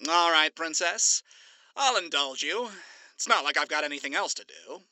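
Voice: mid-range voice, lively intonation, normal speed, sharp tone, dry recording. A narrator voicing a vain, sardonic male demon who drawls and teases in a storybook reading. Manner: drawling, sarcastic, teasing.

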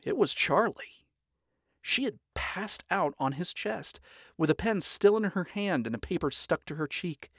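A narrator reading fan fiction aloud in an expressive, storytelling manner. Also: mid-range voice, unhurried, no room sound, studio quality.

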